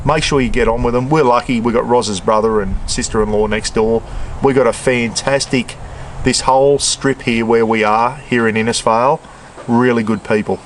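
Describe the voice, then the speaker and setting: A man's voice: mid-range voice, fairly even intonation, normal speed, a little hiss or hum. A retired Australian man in his sixties, rambling casually and saying "bloody" often as he cooks on a camp stove outdoors. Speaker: cooking vlogger.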